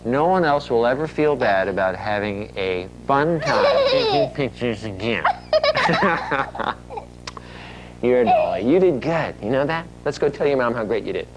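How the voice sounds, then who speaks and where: Playful hushed photographer coaxing a child. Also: male voice, mid-range voice, wildly swooping pitch, unhurried, noisy background. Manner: playful, hushed coaxing with sing-song humming.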